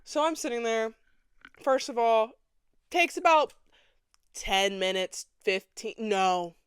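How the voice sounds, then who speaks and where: Young woman host, casual dramatic storyteller with sass, smooth voice, dry close sound. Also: fairly high pitch, animated, takes it slowly, dry recording. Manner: dramatic, sassy, acts out other people's lines. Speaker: podcast host.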